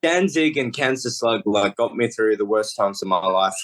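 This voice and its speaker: A man's voice: lowish voice, expressive, moderate pace, fairly bright tone, rough recording. A man guesting on a podcast as a wrestler, chatting casually and telling stories that trail off and restart. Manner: storyteller who trails off and restarts.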